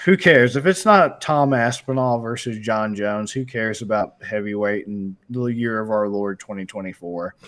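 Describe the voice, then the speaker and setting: A young man co-hosts a fight betting podcast, rambling through casual betting chat with jokes and profanity. His voice sits lowish, at a moderate pace with few pauses.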